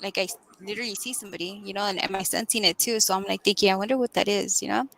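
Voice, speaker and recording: Woman, bright voice, animated storyteller, lots of "like" and "right?", casual chat. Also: medium pitch, rapid-fire, creaky, a little hiss or hum, rough recording. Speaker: guest co-host.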